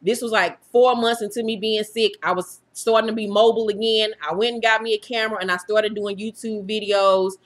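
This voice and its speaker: A woman's voice: medium pitch, steady tone, a little fast, few pauses. A woman in her thirties, a YouTube host, telling her viewers her own story in a frank, profane way and laughing through the hard parts. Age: 30s. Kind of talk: candid personal storytelling to viewers.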